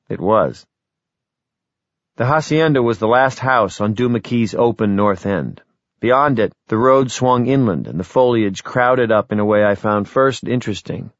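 Male audiobook narrator, steady and wry; dry, slightly lo-fi sound. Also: on the low side, no room sound. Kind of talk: scripted narration. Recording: slightly dull, lo-fi recording.

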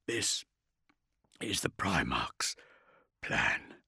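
A male narrator voicing a grim, dying armoured soldier who talks in a strained, breathy growl, weak and failing. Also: sits low, big pitch swings, extremely slow, bright, forceful tone, no echo, in a whisper, clean studio sound, full character voice. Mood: fading growl.

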